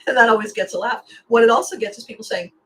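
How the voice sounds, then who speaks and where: Woman host doing a motivational talk, lively storyteller, acts out other people's lines, chuckles a bit. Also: on the high side, quick pace, low-quality recording. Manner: animated storyteller who acts out quoted voices. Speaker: podcast host and life coach. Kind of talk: motivational monologue.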